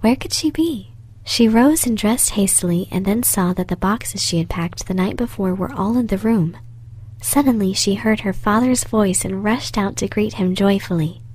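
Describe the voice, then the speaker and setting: Breathy whispering woman storyteller. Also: mid-range voice, darkish tone. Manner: slow and soothing.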